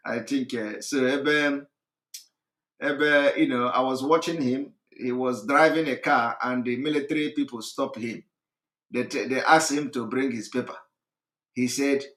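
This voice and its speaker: A man's voice: medium pitch, a little slow, a bit bright. A man giving a rambling live broadcast monologue, retelling stories with a comic touch. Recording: roomy echo.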